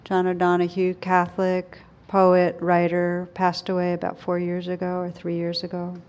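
Softly reflective woman giving a dharma talk. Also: fairly low pitch, monotone, lo-fi sound. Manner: gentle, reflective, with soft slow pauses. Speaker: meditation teacher.

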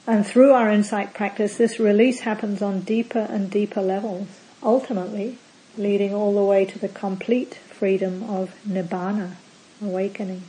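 A woman meditation teacher giving a dharma talk to a group, calm and measured, listing words one at a time with endings that fall away. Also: mid-range voice, poor audio.

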